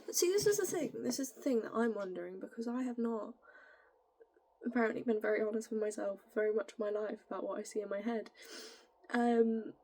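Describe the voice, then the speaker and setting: Giggly young woman with northern English accent. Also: on the high side. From northern England. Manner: rambling, giggly, drifts into soft whispery asides. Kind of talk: casual musing monologue.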